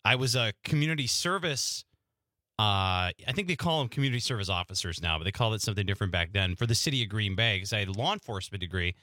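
Chatty male radio guest, bright and lively. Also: fairly low pitch, quick pace, dry recording, clean studio sound. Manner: friendly and chatty. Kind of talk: casual radio interview. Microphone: studio microphone.

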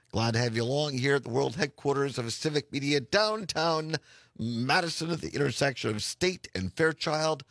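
A man hosting a talk radio show from a studio, chatting and laughing easily with a hoarse voice. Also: on the high side, no echo. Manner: laughs often, warm easygoing rambling. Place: radio studio in an office building.

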